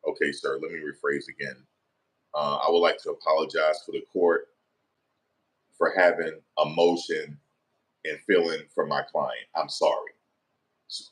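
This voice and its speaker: A man's voice: rumbling low, normal speed, long pauses, fairly bright tone, slightly rough, heavily acted. A man playing a fired-up male defense lawyer in a comedic role-play, incredulous and pleading, who keeps rephrasing his questions. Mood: apologetic.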